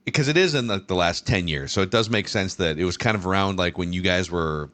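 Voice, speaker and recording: A man's voice: deep voice, fast, a bit bright, no room sound. A man co-hosting a podcast, chiming in with short reactions and follow-up questions. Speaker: podcast co-host. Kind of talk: casual chat.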